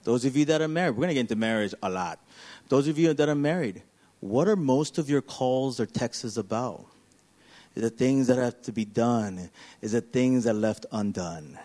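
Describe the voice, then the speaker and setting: A man, a pastor, preaching an animated sermon that swings from loud, emphatic passages to hushed, quiet ones. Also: medium pitch, moderate pace.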